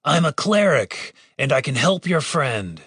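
A man's voice: a little high, big pitch swings, a little slow, fairly bright tone, breathy edge, no room sound, studio quality, full character voice. A man voicing an awkward, sheepish dwarf cleric who hesitates and stammers.

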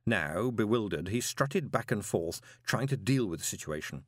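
A man reading a novel aloud as an audiobook narrator, dramatic and expressive with drawn-out pauses. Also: on the low side, no room sound. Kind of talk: scripted narration. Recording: dry close studio recording.

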